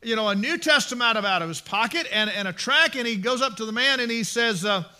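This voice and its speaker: High bright-voiced impassioned preacher man. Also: expressive, fast, clean tone. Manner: impassioned and emphatic, repeating phrases. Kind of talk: sermon.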